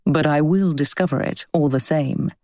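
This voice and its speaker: A woman narrator voicing a witty, teasing young gentleman with dry, mock-formal banter. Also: low-pitched, moderate pace, dry recording, close to an everyday voice.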